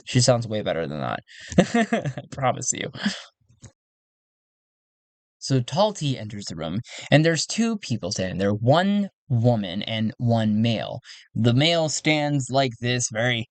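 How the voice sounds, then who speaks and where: A man's voice: mid-range voice, sing-song, a little slow, no room sound. A man narrating a solo tabletop role-play game in a casual way, thinking aloud with restarts and laughter.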